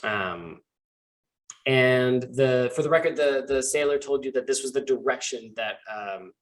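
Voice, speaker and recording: A man hosting and running a tabletop game, narrating scenes in a relaxed way with many fillers. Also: medium pitch. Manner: relaxed, filler-heavy, describes scenes slowly. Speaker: game master and host.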